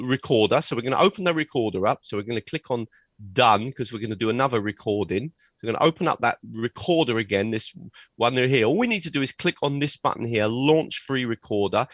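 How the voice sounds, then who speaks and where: A man leading a live online teaching workshop and demonstrating software on a video call, checking in with "okay?" as he goes. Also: medium pitch, no room sound. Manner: energetic, frequent "okay?" check-ins. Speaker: teacher trainer. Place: at a computer sharing his screen.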